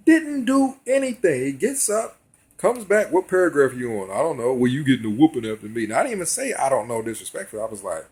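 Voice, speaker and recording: A man speaks in a casual video monologue, addressing his viewers directly and earnestly. His voice is husky and a little breathy, sitting at a middling pitch for a man. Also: darkish tone. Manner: earnest, talks straight to viewers. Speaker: vlogger.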